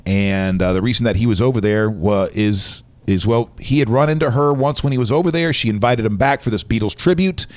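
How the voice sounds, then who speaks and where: A man's voice: fairly low pitch, a little fast, hardly any pauses. A man hosting a live-streamed show, chatting loosely and joking with viewers. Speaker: show host. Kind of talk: casual live-stream chat.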